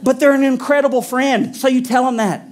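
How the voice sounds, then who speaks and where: A pastor preaching a sermon with an emphatic, repetitive cadence, then leading a prayer. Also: male voice, very high-pitched, fairly even intonation, fairly quick.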